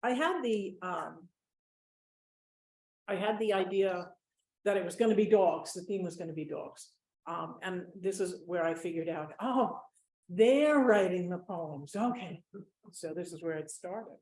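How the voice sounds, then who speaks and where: Slow, deliberate woman reading poetry. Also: fairly low pitch, darkish tone. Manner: deliberate, measured reading with pauses between short lines. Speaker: featured poet. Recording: echoey room.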